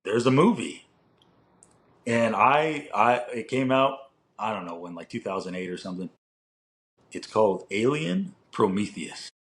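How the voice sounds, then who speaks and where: A man co-hosting a podcast, chatting casually in a rambling way, full of fillers, with animated outbursts. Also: on the low side, measured pace. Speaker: podcast co-host. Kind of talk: casual conversation.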